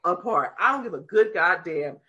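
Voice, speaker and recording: A woman co-hosting a podcast in casual, profane chat, animated and laughing often. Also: on the low side, moderate pace, muffled recording, background noise. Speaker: podcast co-host.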